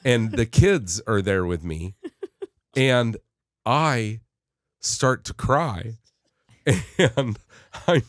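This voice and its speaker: Middle-aged guy on a podcast telling a story, animated, does all the voices, dry close mic. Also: medium pitch, extremely slow, long pauses, dry recording. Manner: animated storyteller who acts out the other voices in his story. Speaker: podcast co-host. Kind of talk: casual storytelling chat.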